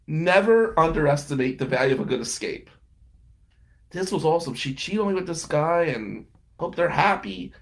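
Here a man with a somewhat high, expressive voice talks at a moderate clip as a podcast guest. He tells dry, casual anecdotes about former roommates and exes, sprinkled with laughing asides.

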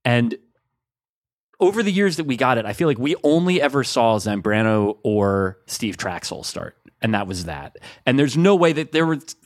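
A man hosts a loose sports podcast, rambling through his thoughts with plenty of filler words. His voice sits in a middle pitch. The mic is close and dry. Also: sing-song, normal speed, dry recording. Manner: rambling, filler-heavy with lots of 'like'. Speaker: podcast host. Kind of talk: casual chat.

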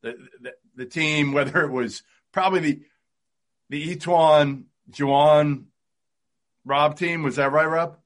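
A man co-hosting a podcast who asks casual questions in a halting way, repeating words as he goes. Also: a little high, steady tone, a bit bright.

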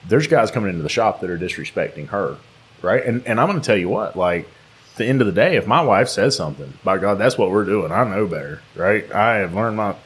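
A man's voice: fairly low pitch, expressive, brisk, husky. A man with a Southern US drawl hosting a podcast, talking earnestly with frequent restarts. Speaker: podcast host. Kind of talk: casual podcast chat.

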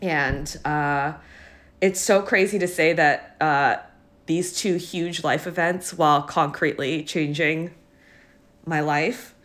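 Teary young woman, lowish voice, halting chat. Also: fairly even intonation, a bit bright. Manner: halting, many fillers, laughs through tears. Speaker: podcast co-host. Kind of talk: casual chat.

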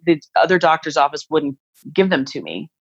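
A woman in her thirties, telling a personal story in casual chat, animated and acting out what others said. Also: low-pitched, normal speed, vocal fry, slightly rough, no room sound, lo-fi sound. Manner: animated, acts out quoted voices.

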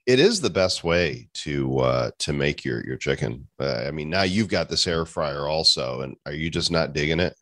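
Deep-voiced laid-back male podcast host. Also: lively intonation, normal speed, few pauses, a bit bright, no echo, studio quality. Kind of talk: casual chat, reading listener reviews. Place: living in Puerto Rico.

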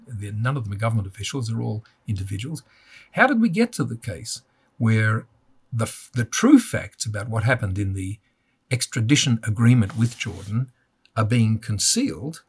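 Older male guest, husky, fired-up and impassioned. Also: mid-range voice. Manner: indignant, impassioned. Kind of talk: interview conversation.

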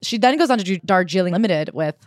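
A woman's voice: on the low side, animated, fast, no room sound, studio quality. A woman co-hosting a casual book-review chat, recapping the story and dropping wry asides. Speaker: podcast co-host.

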